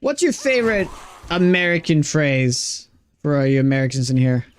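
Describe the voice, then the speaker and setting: A man with a fairly high, bouncy voice that swings around a lot. He chats casually with his viewers during a gaming stream and greets and thanks them by name. A faint hiss sits under his voice. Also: sing-song, normal speed. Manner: chatty, greets and thanks viewers between game reactions. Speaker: game streamer. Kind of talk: casual live-stream chat while gaming.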